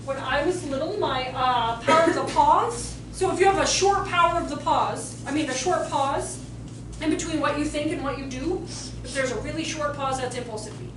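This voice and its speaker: A woman in her forties teaching childcare staff about behavior, with a high voice and a sassy, storytelling manner. She slips into the children's voices as she tells her stories. She is heard from a distant mic in an echoey room, with faint noise behind her. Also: normal speed. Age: 40s. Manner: lively, sassy storytelling, acts out kids' voices. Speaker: behavior trainer. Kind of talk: workshop talk to childcare staff.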